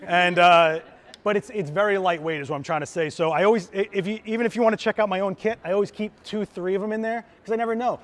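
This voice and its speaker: Guy photographer doing a live demo, kinda high voice, super casual and hyped, teaching as he goes. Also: fairly even intonation, quick pace. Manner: casual, enthusiastic, chatty teacher. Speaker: photographer giving a gear demo. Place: trade show floor.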